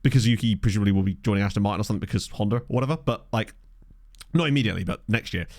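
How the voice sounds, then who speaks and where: A man's voice: lowish voice, very fast, darkish tone. A man chatting casually with his viewers over a game, rambling and self-deprecating, on a desk microphone. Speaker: gaming streamer. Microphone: desk condenser microphone.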